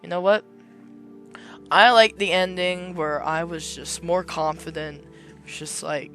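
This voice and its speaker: A woman's voice: on the low side, steady tone, slow, long pauses, a bit bright, faint music behind. A woman doing let's play commentary in a playful, dramatic way, full of over-the-top pleading. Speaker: gamer.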